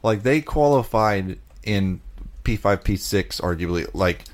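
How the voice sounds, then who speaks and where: A man with a very low voice co-hosts a casual podcast. He chats loosely, leans on "like," and slips in dry one-word corrections. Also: animated, a little slow. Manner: chatty, lots of likes, dry corrections. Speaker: podcast co-host. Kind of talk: casual race recap chat.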